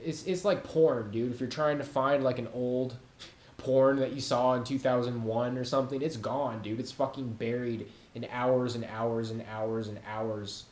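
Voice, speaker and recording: In a home room with cats, a man hosting his own YouTube channel delivers a casual, rambling monologue to camera, swearing often and laughing at his own jokes. His mid-range voice has a darkish tone and fairly even intonation at normal speed, and the room sounds echoey.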